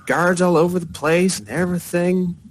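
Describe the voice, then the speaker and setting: A man's voice: high-pitched, moderate pace, a little hiss or hum, voice pushed up, lightly acted. A man voicing a chatty, restless young tiefling girl who rambles and whines. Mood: nervous. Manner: fidgety, whiny, rambling.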